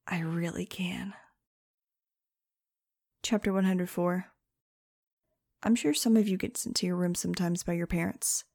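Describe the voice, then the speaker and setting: A woman reads a novel aloud in the first person. Her delivery is sarcastic and chatty, as if confiding in the listener. Her voice is slightly low, with a rough, gravelly texture. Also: fairly even intonation, normal speed, dark tone, dry recording, studio quality. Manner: sarcastic, wisecracking and conversational. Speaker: audiobook narrator. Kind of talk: first-person audiobook narration.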